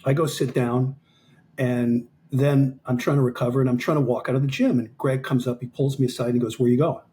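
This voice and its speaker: A man in his fifties, a guest on a podcast, tells a story in an animated way and acts out the dialogue he quotes. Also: medium pitch, brisk, a little hiss or hum. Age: 50s. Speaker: podcast guest, amateur fighter. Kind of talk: storytelling in an interview.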